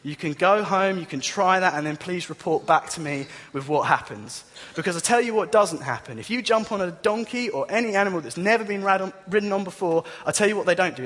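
This preacher's voice sits high and moves at a moderate pace, echoing with a big-room sound. He brings his sermon stories to life with humour, giving voice to each person in them.

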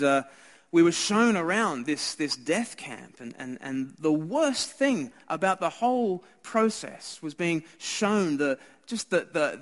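An Australian man preaching a Christmas sermon in an earnest, conversational way, often restarting and dropping to hushed asides. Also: high voice. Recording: hall reverb.

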